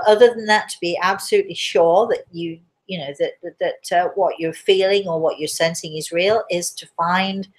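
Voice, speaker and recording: A hoarse woman with a cough, hosting a live spiritual Q&A, chatty and reassuring, calling listeners darling. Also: medium pitch. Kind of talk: live-stream chat answering viewers.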